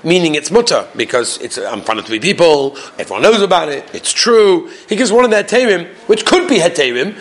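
A man teaching a Torah lesson to a class, animated and quizzing his students. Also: on the high side, brisk, hardly any pauses. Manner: animated, asks the class questions.

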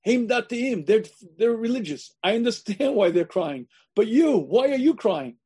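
A man voicing a puzzled young secular soldier, in a raised pitch, inside a spoken lecture. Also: expressive, normal speed, mellow, husky.

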